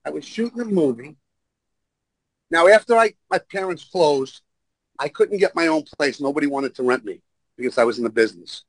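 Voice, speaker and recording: A man's voice: a little high, lively intonation, normal speed, no room sound, rough recording. A man guest telling blunt, profane stories and acting out the other people in them. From New York. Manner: blunt, profane, acts out voices in his stories. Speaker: podcast guest storyteller. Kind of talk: animated anecdote telling.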